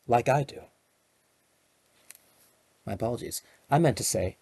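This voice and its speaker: A man, a children's librarian, reading a picture book aloud to young children in a gentle manner, stopping to explain the pages. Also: lowish voice, lively intonation, a little slow, creaky, pauses often, slightly rough, no room sound.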